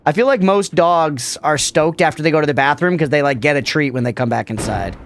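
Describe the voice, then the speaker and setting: A gaming streamer with a slightly high, creaky voice speaks a bit fast. He keeps up casual live-stream banter over gameplay, joking as he answers his chat.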